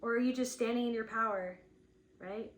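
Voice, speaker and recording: A woman's voice: on the high side, moderate pace, echoey room, noisy background. Woman giving a rambling intuitive reading. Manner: searching, rambling, heavy use of "like". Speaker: intuitive spiritual guide.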